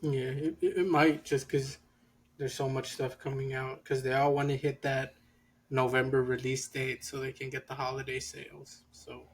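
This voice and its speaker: Flat-voiced, hesitant male co-host. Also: mid-range voice, normal speed. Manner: hesitant, trails off. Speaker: podcast co-host. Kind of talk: casual chat.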